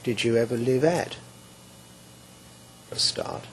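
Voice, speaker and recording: A man's voice: mid-range voice, slow, a little hiss or hum, rough recording. A man arguing as defence counsel in a courtroom, formal and hesitant, with frequent restarts. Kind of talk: courtroom argument.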